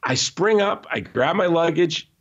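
A man being interviewed, telling stories in an animated, emphatic way with frequent restarts. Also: a little high, unhurried, highs cut off. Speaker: interview guest. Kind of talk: conversational podcast interview.

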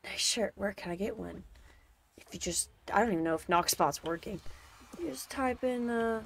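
A young woman streaming a game, reacting loudly, complaining about the levels and thanking viewers in chat. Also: medium pitch, moderate pace. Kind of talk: casual live-stream gameplay chat. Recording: faint game music behind.

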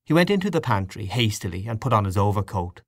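A man reading a literary short story aloud as an audiobook narrator, in a measured, expressive way. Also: on the low side, no room sound, clean studio sound.

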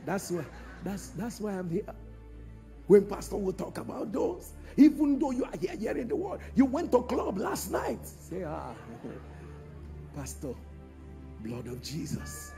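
A man preaching a sermon in a large church, calling out to the congregation and swinging from hushed tones to shouts. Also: sits high, big pitch swings, moderate pace, vocal fry, soft background music. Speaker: pastor.

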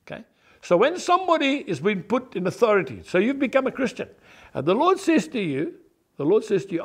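A man's voice: sits high, very animated, fairly quick. A man preaching a folksy, emphatic devotional sermon, talking straight to his viewers as "folks". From South Africa. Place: on his farm.

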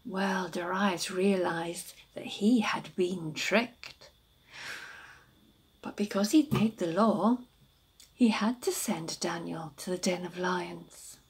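Hushed, breathy woman storyteller. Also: medium pitch. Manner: hushed, dramatic, often whispered narration. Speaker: children's storyteller at a church. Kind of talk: storytelling for children.

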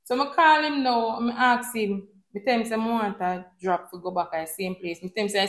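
A Jamaican woman chats through a storytime vlog, sliding between patois and English with animated energy. Her voice sits a little high for a woman. The room around her is echoey and hollow. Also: a little fast, hardly any pauses. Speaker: vlogger. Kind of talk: casual storytime chat.

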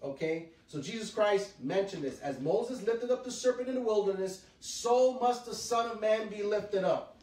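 A man preaches a Bible teaching in an earnest, emphatic way, drawing out the words he wants to stress. His voice sits fairly high. The room is echoey, and he sounds some distance from the mic. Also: normal speed, darkish tone. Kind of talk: sermon-style Bible teaching.

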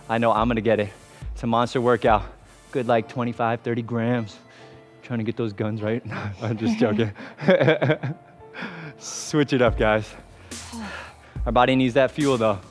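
A man coaching a follow-along workout, energetic, pushing and cheering the viewers on. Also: mid-range voice, normal speed, soft background music. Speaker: fitness instructor.

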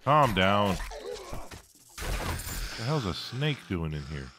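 A man's voice: sits low, big pitch swings, slow pace, noisy background. A man commentating his own gameplay, reacting, joking and swearing as he fights. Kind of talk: let's-play commentary.

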